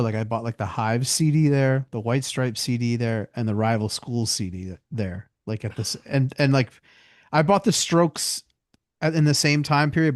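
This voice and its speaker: A male podcast co-host from the United States rambles casually, filling his talk with "like" and "you know." His voice is mid-range, and the recording is clean studio sound with no room sound.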